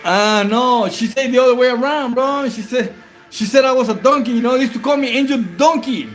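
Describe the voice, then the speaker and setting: Man, very high voice, slangy and profane, rambling livestream chat, faint music behind. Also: brisk. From Whittier, Southern California. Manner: slangy, profane, rambling, calls viewers bro and homie. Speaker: livestream host. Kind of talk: late-night casual livestream chat.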